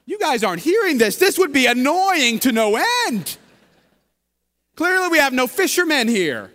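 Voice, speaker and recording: High-voiced man preaching with humor. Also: sing-song, normal speed, a bit bright. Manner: conversational, humorous storytelling. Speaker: pastor. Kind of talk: sermon. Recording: long hall reverb.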